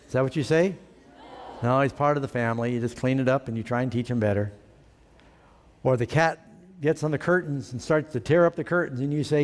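A man's voice: medium pitch, brisk, a little hiss or hum. A man preaching a sermon as pastor, putting questions to his congregation and acting out everyday sayings. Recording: long reverb in a hall.

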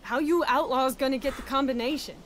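A woman's voice: high-pitched, brisk, close to an everyday voice. An actress playing a blunt, foul-mouthed young woman drifter in a video game, with faint game ambience behind. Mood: angry. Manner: blunt, swears freely.

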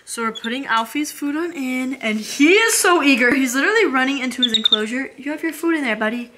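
A woman's voice: high voice, lively intonation, fast talker, hardly any pauses, background noise. A young adult woman giving a casual, upbeat how-to vlog at home, chatting to viewers and baby-talking to her pet. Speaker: pet vlogger. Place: home kitchen and living room.

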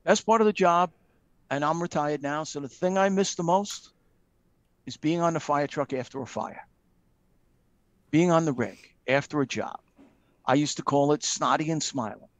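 Middle-aged guy, retired fire captain, spinning stories and doing the quotes, lots of ums, kinda high voice, dry sound. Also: normal speed, pauses often, dry recording. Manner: lively anecdotes, acting out quoted dialogue, frequent ums. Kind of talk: casual storytelling in a live video chat.

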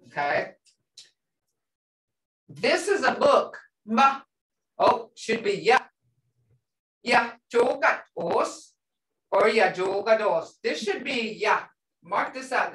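Slow, animated woman teaching a language. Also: mid-range voice. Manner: patient, repeats words for the class. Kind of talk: classroom language lesson. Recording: roomy sound from a distance.

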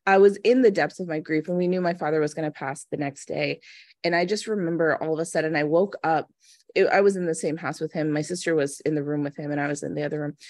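Woman in her 30s, earnest storyteller, lowish voice, dry close sound. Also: no echo. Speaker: manifestation coach, guest. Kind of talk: casual interview conversation.

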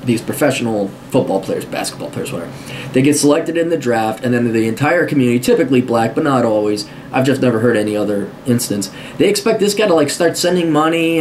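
An American host with a fairly high voice answers a viewer's question to camera in a profane advice rant. He's blunt and swears heavily, repeating his points for emphasis, with slight background noise.

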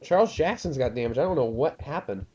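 A young man doing casual commentary on a sim race, rambling with many ums and getting excited at crashes. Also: medium pitch, fast talker, slightly rough, highs cut off. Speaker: lead commentator of a sim racing league.

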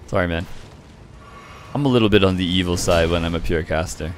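Deep-voiced young man taunting over gameplay. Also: normal speed, pauses often, slight background noise. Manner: playful taunting, gleeful laughs. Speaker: gaming YouTuber. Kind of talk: gameplay commentary.

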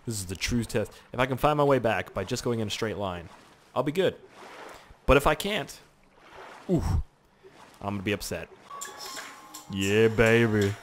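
A man's voice: medium pitch, expressive, moderate pace, pauses often, a little hiss or hum. Joking, swearing young gaming YouTuber man. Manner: joking, rambling, swears a lot. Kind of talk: casual let's-play commentary.

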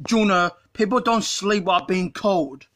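A performer voicing a blunt hand creature who talks in a flat, matter-of-fact way. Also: mid-range voice, measured pace, pitched below the performer's own voice, close to an everyday voice. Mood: deadpan.

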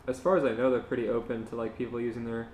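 A man co-hosting a podcast, chatting casually in a low-key, mumbly way and reading fan fiction aloud. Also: flat delivery, very fast, darkish tone, a little hiss or hum. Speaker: podcast co-host. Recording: roomy echo.

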